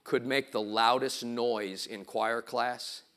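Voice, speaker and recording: Slow and steady, with a medium pitch and a slightly bright tone, a middle-aged pastor delivers his sermon in the sanctuary of a church. He tells stories, dramatizes sounds and quoted lines, and rises to emphatic preaching.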